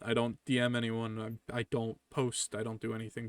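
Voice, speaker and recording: A man's voice: medium pitch, little pitch movement, normal speed, no room sound, recorded from a distance. A young man in college giving rambling, casual advice to his viewers, with many fillers and restarts. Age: young adult. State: yawning. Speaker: vlogger.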